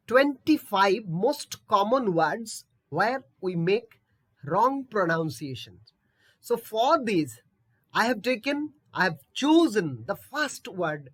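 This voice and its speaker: A woman's voice: medium pitch, fairly bright tone. A woman teaching English pronunciation in an online lesson, patiently repeating words and checking in with "okay?".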